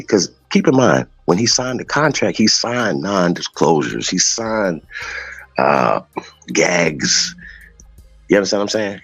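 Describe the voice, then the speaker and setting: A man's voice: sits low, breathy edge, no echo, low-quality recording. A man hosting a live talk show, ranting in a heated, profane, emphatic way over faint music. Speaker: show host. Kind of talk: casual live show rant.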